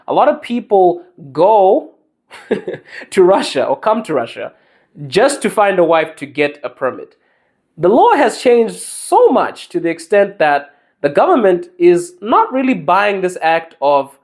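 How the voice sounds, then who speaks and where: A man's voice: high-pitched, sing-song, unhurried. A man, hosting a podcast and delivering an emphatic advice monologue. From Zimbabwe. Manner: emphatic, preachy. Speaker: podcast host.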